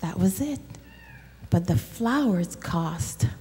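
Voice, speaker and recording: Slow, breathy woman telling children a story. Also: on the low side. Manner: slow and animated, addressing children. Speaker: children's story leader at church. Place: church sanctuary. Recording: reverberant church hall.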